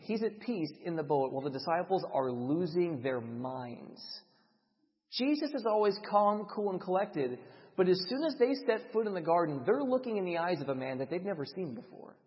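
Male preacher, high and very lively voice, dramatic sermon delivery, muffled long-reverb hall. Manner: dramatic, swings between loud emphasis and hushed delivery. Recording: dull, reverberant hall sound.

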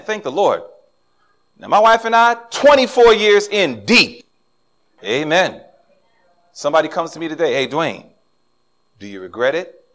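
Animated middle-aged man preaching a sermon. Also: high-pitched. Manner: animated, acts out quoted voices. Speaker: pastor.

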